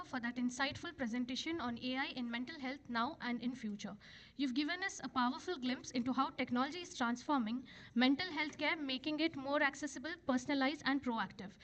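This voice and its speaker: A woman acts as emcee of an event, delivering polite, formal, scripted announcements. Her voice is high. Faint noise sits under the speech. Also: a bit bright.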